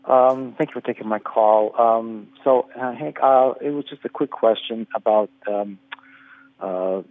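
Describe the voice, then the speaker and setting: Male caller, slow and halting, lots of fillers, phone-line sound. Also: mid-range voice, dry recording. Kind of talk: phone-in question.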